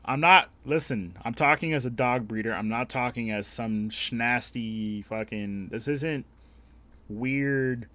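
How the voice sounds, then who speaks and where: A man's voice: mid-range voice, takes it slowly, sharp tone. A young man chatting casually on a live stream, joking crudely and swearing as he answers chat.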